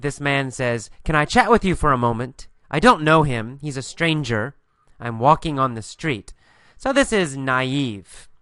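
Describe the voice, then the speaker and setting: A man teaching an English story lesson, asking simple questions and answering them himself, and repeating key words slowly for learners. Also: mid-range voice, bright, forceful tone, clear, resonant tone, dry recording, clean studio sound.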